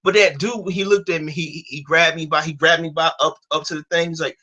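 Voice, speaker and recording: A man's voice: on the high side, quick pace, few pauses, sharp tone, rough recording. A man in his twenties hosting a stream, telling a personal story in heated, profane casual talk. His speech is blunt and full of swearing. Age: 20s. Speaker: stream host.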